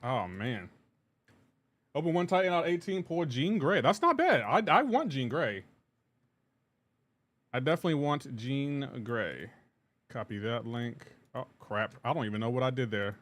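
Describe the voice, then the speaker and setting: A man's voice: mid-range voice, expressive, normal speed, long pauses, a bit bright. A man streaming a game live, chatting casually and greeting his viewers one by one in an upbeat, talkative way. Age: adult with a child.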